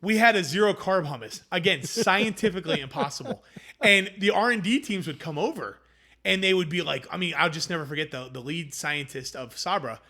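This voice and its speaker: A man with a somewhat high, bright, forceful voice tells the story of his food business in a relaxed interview. He talks in an animated way and acts out what people said to him. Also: brisk. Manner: animated, acts out quoted dialogue. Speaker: food company founder.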